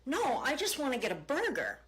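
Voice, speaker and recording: A man's voice: very high voice, huge pitch swings, brisk, a bit bright, pitched above the performer's own voice, heavily acted. A woman voicing a polite, starving homeless man who stammers apologetically as he pleads in a joke. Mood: pleading.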